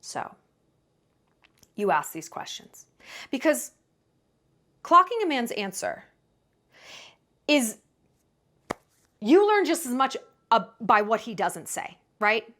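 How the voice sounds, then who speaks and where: With big pitch swings, a slow pace and frequent pauses, a young woman gives dating advice to camera in a fairly high, fairly bright voice. She's a vlogger doing casual commentary, emphatic and dramatic, and she slips into quoted voices.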